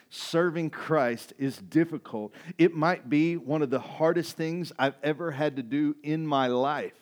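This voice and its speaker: A pastor delivers a sermon in a slightly high voice, full of fervor. He builds from hushed intensity to loud, high-pitched passion, tosses in rhetorical "right?"s, and acts out the voices of doubters.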